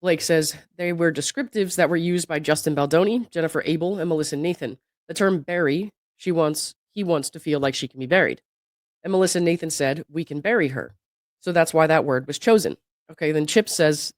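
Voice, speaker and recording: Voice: medium pitch, expressive, fairly quick, no room sound. A host reading out a legal deposition, voice worn down by illness. Quotes both sides evenly, then cuts in with doubtful remarks. The sound is dry and close, with no room around it. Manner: reads quotes evenly, breaks in with skeptical asides and laughs. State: sick, voice not at its best. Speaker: legal commentary channel host. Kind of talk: reading a deposition transcript aloud with commentary.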